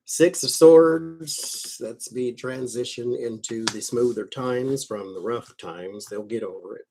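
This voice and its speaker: A man reading tarot cards on a live stream, talking in a slow, conversational way with fussing asides. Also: mid-range voice, darkish tone, a little hiss or hum. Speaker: tarot reader.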